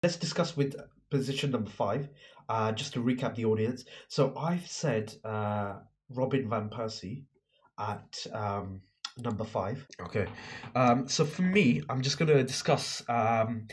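A man's voice: mid-range voice, measured pace, slight background noise. A young man co-hosting a casual football podcast, talking passionately and admitting he rants. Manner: passionate, ranting. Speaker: podcast co-host.

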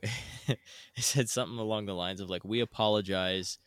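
A man's voice: lowish voice, normal speed, a bit bright, no echo, studio quality. A man on a casual gaming podcast, ranting and swearing constantly.

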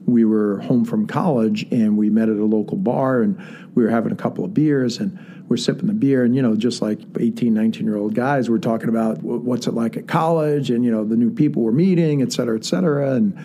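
A man's voice: medium pitch, fairly quick, mellow, breathy edge. A man telling a personal story in a casual, earnest way with many fillers. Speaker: guest storyteller.

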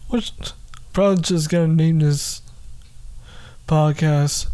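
A man's voice: on the high side, slow, darkish tone. A man hosting a solo podcast from his bedroom late at night, rambling, swearing and mocking himself. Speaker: podcast host.

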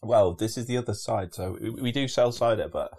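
Man, very low pitch, casual podcast guest, rambling, lots of fillers. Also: a little fast. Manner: relaxed, rambling, many fillers and restarts. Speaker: guest, beer delivery business owner.

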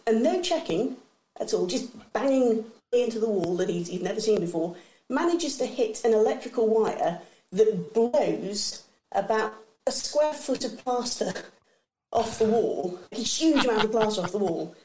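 A woman's voice: a little high, normal speed, echoey room, a little hiss or hum, low-quality recording. A woman guest telling comic family stories in a casual chat, acting out relatives' voices. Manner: animated, acts out family voices. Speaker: comedian guest.

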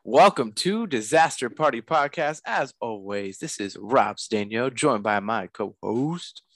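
Animated man hosting a podcast. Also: mid-range voice, unhurried, no echo, clean studio sound. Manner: animated, chatty. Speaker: podcast co-host. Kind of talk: casual chat.

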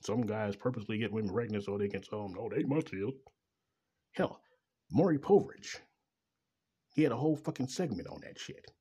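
Deep husky man, bitter and profane. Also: fairly quick, warm tone. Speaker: father venting about child support. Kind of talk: personal monologue.

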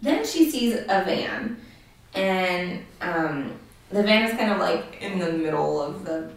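Woman rambling thru a movie recap, lots of likes n laughs, bouncy pitch, big echo. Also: expressive, takes it slowly, gravelly, recorded from a distance. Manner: chatty, laughing, many fillers and acted-out quotes. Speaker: podcast co-host. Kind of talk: casual chat recapping a horror film. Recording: very echoey room, off mic.

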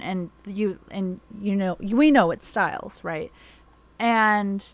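A young woman chats loosely and gushes like a devoted fan, filling her talk with "like" and casual swearing. Her voice sits at an ordinary middle pitch. The sound is dry and close, with no room around it. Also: slow pace, no room sound. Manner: rambling, lots of "like", swears freely; gushing fan enthusiasm. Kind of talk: casual chat.

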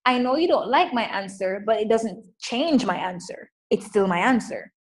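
A woman coach talking in a casual interview, emphatic and animated, often saying "like". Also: on the high side, moderate pace, poor audio. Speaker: coach and guest.

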